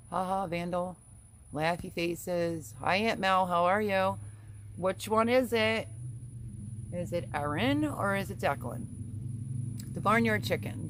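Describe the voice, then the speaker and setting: A woman's voice: fairly low pitch, a little hiss or hum. A middle-aged woman hosting a homestead live stream, reading viewer comments aloud in a chatty, rambling way and laughing often. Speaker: homestead channel host.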